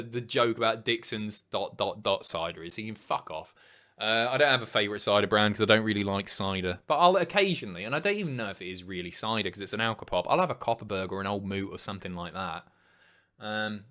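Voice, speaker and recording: Sweary man streaming live. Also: on the low side. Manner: sweary, rambling, jokey, jumps between loud outbursts and mumbles. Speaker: live streamer reading chat messages. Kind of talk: casual livestream chat.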